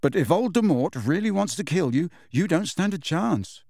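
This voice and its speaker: A man's voice: high-pitched, animated, normal speed, vocal fry, darkish tone, dry recording, clean studio sound, pitched above the performer's own voice, heavily acted. A man voicing an earnest, awkward teenage schoolboy in an audiobook, in a plain, slightly raised voice. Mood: weary. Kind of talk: audiobook character voice.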